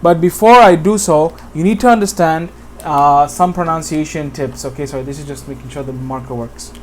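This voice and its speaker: Teacher from Bangladesh, whiteboard tutorial, patient, repeats examples, mid pitch. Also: a little fast, slight background noise. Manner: patient, checks in with "okay?" often, repeats examples. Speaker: Quran recitation teacher.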